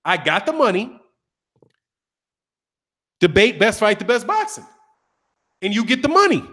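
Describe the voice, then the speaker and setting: A middle-aged man hosting a boxing channel, talking in a casual, animated, profane monologue. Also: sits high, a little slow. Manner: animated, profane, acts out voices of others.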